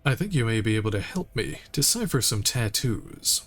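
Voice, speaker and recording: A man streaming a game, reading its text aloud in a relaxed way and making occasional asides. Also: medium pitch, moderate pace. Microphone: streaming mic.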